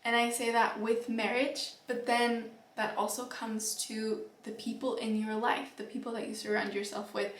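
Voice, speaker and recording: A young woman vlogger giving earnest, reflective advice to the camera, with soft laughs and fillers. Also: fairly high pitch, little pitch movement, moderate pace, few pauses, distant mic, a little hiss or hum. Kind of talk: casual advice talk to camera. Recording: echoey room, voice a bit off-mic.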